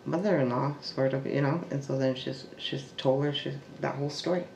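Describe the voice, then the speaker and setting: A man telling a family oral history in a halting way, full of restarts and trailing fillers, and sometimes dropping to a soft hush. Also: medium pitch, steady tone, vocal fry. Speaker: family storyteller. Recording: echoey room with faint background noise.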